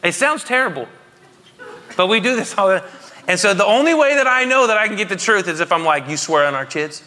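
A man's voice: sits high, expressive, a little fast, pushed and bright, a little hiss or hum. A man in his thirties preaching a conversational, jokey sermon to his congregation, often asking them questions. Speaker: pastor. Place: church hall. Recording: long reverb of a hall.

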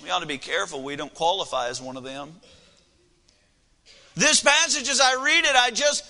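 A man's voice: very high-pitched, pushed and bright. A man preaching a sermon in a church, telling a family story in a conversational way with fillers. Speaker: pastor. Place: church sanctuary. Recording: long reverb of a large hall.

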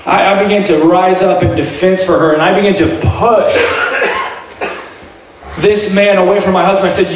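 A man sharing a personal faith testimony in an earnest, halting way, often restarting his words. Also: sits high, fairly even intonation. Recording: very echoey room, heard from a distance, light noise.

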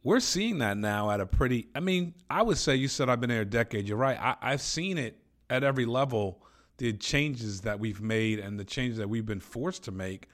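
This interviewer, a sales trainer, chats casually with his guest, relaxed and eager and full of compliments. His mid-range voice is expressive and slightly bright, moving at a normal speed.

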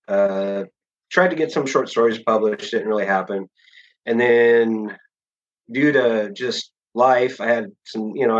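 A man's voice: lowish voice, muffled recording. A man, an author guest on a podcast, talking casually and loosely with plenty of fillers and restarts. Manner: relaxed, rambling, many fillers and restarts.

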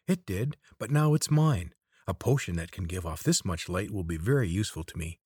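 A man's voice: deep voice, animated, fairly quick, darkish tone, slightly rough, no room sound, clean studio sound. A man voicing a bossy young woman scout who speaks in an urgent, hissing way. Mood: urgent, sly.

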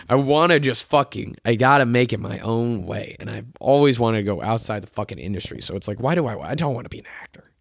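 A hoarse young man hosting a solo podcast from his bedroom, ranting in a frustrated, profane way and mocking others in put-on voices. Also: medium pitch, expressive, fairly quick, dry recording, studio quality. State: sick and tired, hoarse.

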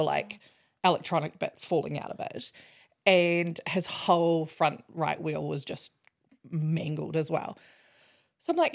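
A young woman, co-hosting a podcast and telling a story in casual, animated chat with plenty of swearing. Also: fairly low pitch, gravelly. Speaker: podcast co-host.

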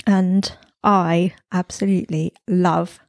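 A woman's voice: fairly low pitch, little pitch movement, slow, creaky, darkish tone, dry recording, studio quality. A woman co-hosting a casual podcast chat, enthusiastic and gushing, laughing often. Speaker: podcast co-host.

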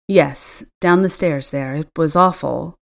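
A woman's voice: deep voice, takes it slowly, vocal fry, exaggerated voice. A woman doing a clipped, stern housekeeper. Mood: grave. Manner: clipped and tight.

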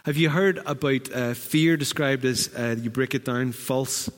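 A man's voice: medium pitch, unhurried. A Northern Irish man preaching a sermon as pastor, in a conversational storytelling manner. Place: church hall. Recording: long hall reverb.

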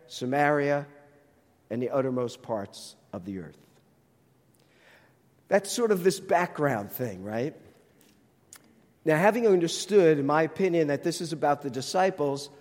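A man's voice: a little high, darkish tone, big-room sound. A man with a New Jersey accent teaching a sermon, explaining the text and posing rhetorical questions. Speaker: Bible teacher.

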